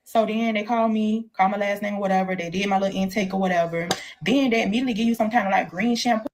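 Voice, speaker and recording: A woman's voice: medium pitch, fairly even intonation, fast, slight background noise. A woman telling a casual story in a candid, profane way, acting out the voices she quotes.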